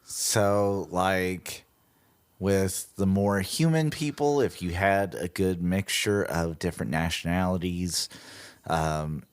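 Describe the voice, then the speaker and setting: A man co-hosting a casual podcast in a relaxed, wry way. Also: sits low, slow, smooth. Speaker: podcast co-host. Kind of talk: casual chat.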